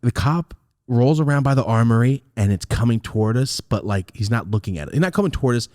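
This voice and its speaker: A young man hosting a podcast, telling a personal story in a casual, profane, animated way with a close, dry sound. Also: fast, no echo. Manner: animated, profane, swinging wildly in pitch. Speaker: podcast host.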